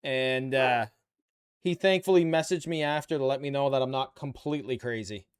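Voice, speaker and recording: A clear, resonant, medium-pitched male voice at a moderate pace belongs to a Canadian streamer. Speaking with a Canadian accent, he builds a model kit while casually chatting and playfully bantering with his audience.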